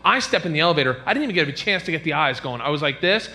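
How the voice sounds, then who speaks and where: A man doing a stand-up routine on stage, animated, breaking into squeals and shouts for effect. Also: a little high, racing, a little hiss or hum. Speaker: stand-up comedian.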